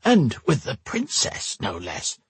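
A man voicing a fussy, nervous old male mage who talks gruffly with sudden sharp outbursts. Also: mid-range voice, wildly swooping pitch, slow, no echo, voice pushed up, heavily acted. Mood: agitated.

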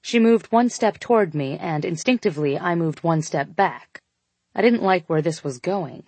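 A woman reading a first-person romance story aloud, intimate and expressive, voicing the dialogue as she goes. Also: fairly low pitch, normal speed, husky, no room sound. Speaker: audiobook narrator.

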